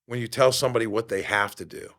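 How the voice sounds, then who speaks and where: Talking fast in a mid-range voice, this podcast host and fitness coach, a man in his fifties, delivers an energetic motivational speech while impersonating the people he quotes.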